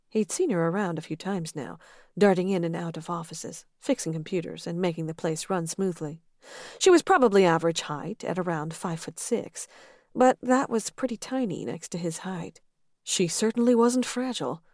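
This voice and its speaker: Woman narrating a romance, low and dry. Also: darkish tone, no echo. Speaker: audiobook narrator. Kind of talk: scripted narration of a romance novel.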